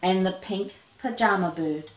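Woman storyteller, slow and expressive children's read-aloud, echoey room, off-mic. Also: medium pitch.

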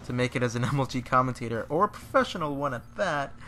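A man's voice: medium pitch, expressive, fast, bright, forceful tone. A young man hosting a gaming channel, talking casually and jokily over gameplay in a rambling, self-deprecating way.

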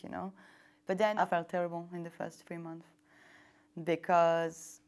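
A woman's voice: fairly low pitch, level tone, normal speed, a little mellow. A young woman whose first language is not English, telling her story in a hesitant way with many fillers. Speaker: interviewee. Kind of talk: casual personal account. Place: lit indoor interview set. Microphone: wireless lapel mic.

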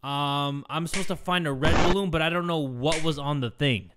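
A man giving excitable let's-play commentary, shouting and swearing at the game. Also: fairly high pitch, normal speed, noisy background. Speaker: gaming YouTuber.

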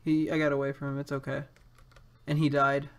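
A man's voice: a little high, monotone, brisk, background noise. A young man playing an online game and chatting with a friend, joking and teasing with sudden yelps. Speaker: gaming YouTuber. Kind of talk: casual gaming chat.

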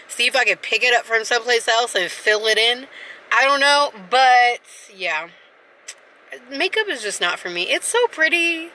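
A woman with a drawl talks casually to her camera, rambling from one thought to the next. Her voice sits a bit high and sounds bright and forceful. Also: a little hiss or hum. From South Carolina. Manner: rambling and chatty, talks straight to viewers. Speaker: vlogger. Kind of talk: casual vlog chat.

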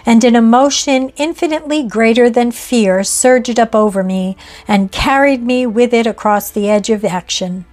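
A woman reading a ghost story aloud in a measured, expressive way. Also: mid-range voice. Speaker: narrator. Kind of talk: scripted ghost story narration.

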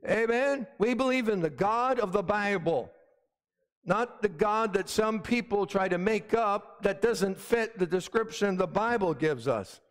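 High-voiced emphatic preacher man in church. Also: lively intonation, unhurried, in a large hall. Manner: emphatic preaching with frequent "Amen?" calls. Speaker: pastor. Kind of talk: sermon. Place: church sanctuary.

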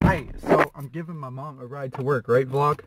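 A man's voice: mid-range voice, fairly even intonation, normal speed, very noisy. Playful man vlogging to camera. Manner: playful, joking, hums and sings silly sounds. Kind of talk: casual vlog to camera.

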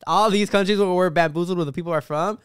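A young man co-hosting a podcast, talking casually in an excitable, rambling, slangy way. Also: high-pitched, fast talker, clear, resonant tone, no echo, clean studio sound. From United States. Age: young adult. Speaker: podcast co-host. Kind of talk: casual chat.

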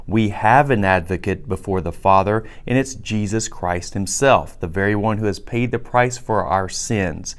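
A male pastor with a fairly low voice preaches in a relaxed, conversational way. He reads scripture aloud and stops often to explain it in plain words. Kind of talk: recorded sermon teaching.

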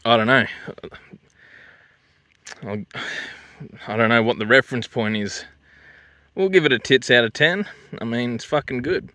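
Crude bright-voiced Australian bloke. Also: male voice, mid-range voice, unhurried, long pauses, no room sound. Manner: crude, swearing, larrikin banter. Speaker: drink and food reviewer. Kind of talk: crude casual vlog commentary.

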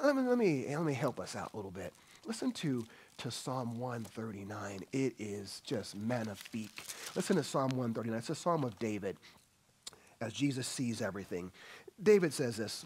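A man preaching a sermon as pastor, swinging between loud emphatic bursts and soft hushed lines, asking the congregation questions. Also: mid-range voice, sing-song, moderate pace, husky. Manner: addresses congregation as family, asks questions. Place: church sanctuary.

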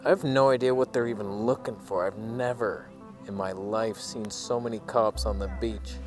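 A man's voice: lowish voice, steady tone, normal speed, over music. A man chatting playfully outdoors as a camera vlogger, joking at his own expense and slipping into mock narration. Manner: playful, self-mocking banter with mock narration. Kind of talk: joking outdoor vlog chat. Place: outdoors at a beach ridge.

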